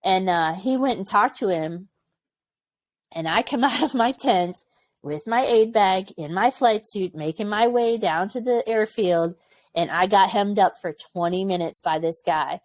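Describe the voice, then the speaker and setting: Woman in her forties, army veteran guest, blunt and salty, mid-pitched voice, dry close sound. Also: a little slow, no room sound. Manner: frank and profane, acts out quoted people. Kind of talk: candid interview storytelling.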